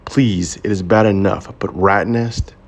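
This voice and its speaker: A man voicing a hotheaded, brash young athlete who speaks in loud, blunt outbursts. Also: fairly low pitch, steady tone, a little slow. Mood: sulky.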